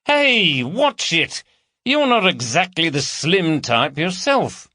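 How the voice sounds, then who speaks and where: A man plays a rowdy, teasing London lad whose voice jumps high and bright as he trades laddish jokes. His pitch swings all over the place with cocky energy. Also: sing-song, slow pace, no echo, studio quality, exaggerated voice. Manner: boisterous, teasing banter. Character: cheeky loud male London mate, laddish.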